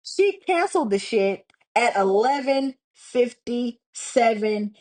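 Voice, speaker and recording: Speaking slowly in an expressive, slightly high, a little mellow voice, a young woman from Texas rants on her casual solo podcast. She's profane, heated, and sarcastic, mocking people by putting on voices.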